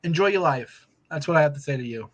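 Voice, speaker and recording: A man's voice: fairly high pitch, expressive, quick pace, very noisy. A man co-hosting a casual livestream chat, joking and laughing often. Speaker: livestream co-host.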